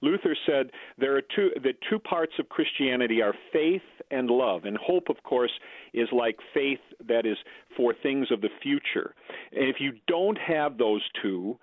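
Man, tinny phone-like sound, dry, earnest halting talk. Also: mid-range voice, lively intonation, no room sound. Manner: earnest, halting with repeated words. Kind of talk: casual Bible discussion.

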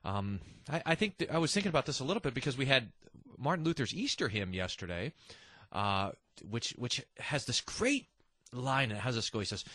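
A man's voice: medium pitch, animated, fairly quick, pushed and bright, dry recording, clean studio sound. A man hosting a devotional podcast, talking earnestly and animatedly, often restarting his sentences. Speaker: podcast host.

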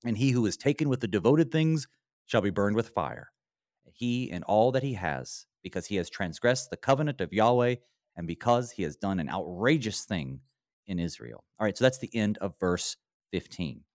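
Male pastor, conversational Bible study, very lively pitch, dry close sound. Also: moderate pace, no room sound. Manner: animated, acts out quoted lines in a lifted voice.

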